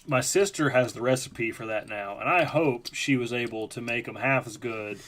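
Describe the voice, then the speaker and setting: A man hosting a live stream tells a rambling, profane story in casual chat, full of fillers. His voice is mid-range and a bit bright, at normal speed.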